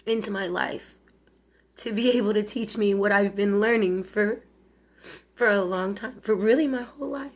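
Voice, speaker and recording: A woman in her forties talking to camera in a personal confessional monologue, emotional and tearful, halting and restarting often. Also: mid-range voice, fairly even intonation. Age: 40s. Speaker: vlogger.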